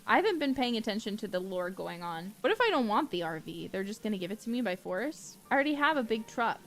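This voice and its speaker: A woman's voice: mid-range voice, big pitch swings, fast. A woman streamer chatting casually and ranting in an exasperated way. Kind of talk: casual chat.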